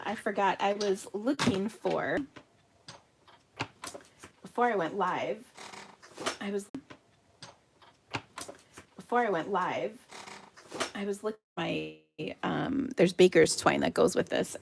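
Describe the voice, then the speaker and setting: A chatty, giggly American woman hosting a live card-making demo, talking to viewers and murmuring softly while she works. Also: lowish voice, creaky, background noise. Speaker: craft livestream host.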